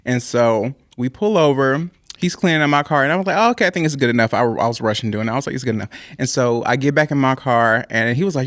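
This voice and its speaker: A man's voice: medium pitch, quick pace, few pauses, a bit bright, no echo, studio quality. A young man telling a personal story in a casual podcast chat, rambling and laughing often. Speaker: podcast guest.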